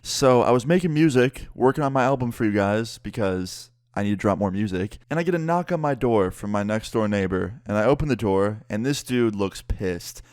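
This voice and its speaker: A young man telling a storytime vlog in a low voice. He speaks casually and animatedly, with plenty of swearing. The sound is dry and close. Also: animated, normal speed, hardly any pauses, darkish tone, no echo. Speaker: vlogger and musician.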